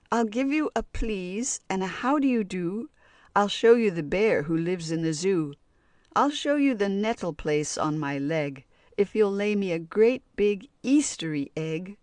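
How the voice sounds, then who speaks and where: A woman reading children's poems aloud in a slow, sing-song rhyming way. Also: medium pitch, expressive, no room sound, studio quality. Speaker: audiobook reader.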